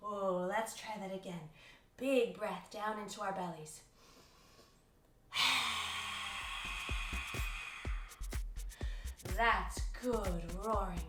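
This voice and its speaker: A woman's voice: medium pitch, measured pace. A woman leading a guided yoga lesson for kids, encouraging and playful as she coaxes them along. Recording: roomy echo from a distant mic with soft music.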